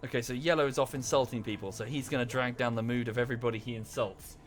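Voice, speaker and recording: A man's voice: medium pitch, fairly even intonation, quick pace, soft background music. A man streaming a colony-building game, chatting casually and correcting himself as he talks to viewers and the characters on screen. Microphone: desk microphone.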